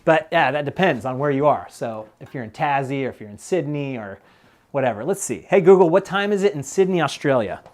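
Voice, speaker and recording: A man's voice: mid-range voice, lively intonation, a little fast, a little mellow. A man chatting casually on a live stream while he works on a mountain bike, rambling with lots of fillers and laughs.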